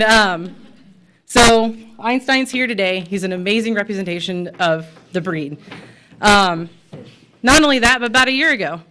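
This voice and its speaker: A woman's voice: mid-range voice, bright, forceful tone. Impassioned American woman at public comment. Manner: impassioned, emotional, with fillers. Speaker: public commenter, pet store owner. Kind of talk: public comment at a city meeting. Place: city commission chamber.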